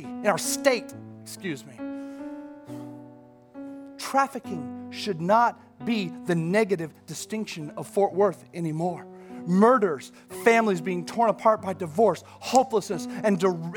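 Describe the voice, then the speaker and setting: A man's voice: high-pitched, lively intonation, a little slow, music in the background. A male pastor preaching a sermon in a church, emphatic and building to fervent declarations. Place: church sanctuary.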